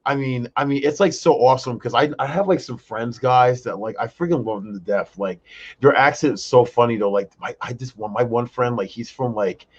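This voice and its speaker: An animated man co-hosting a casual podcast, telling stories and acting out quotes by jumping into a high voice. The recording sounds dull and lo-fi. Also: a little fast, husky. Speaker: co-host.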